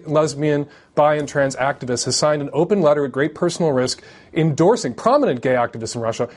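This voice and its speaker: Casting: male activist guest, slightly high voice, assertive, interrupts to argue. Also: darkish tone. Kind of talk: TV interview, arguing a point.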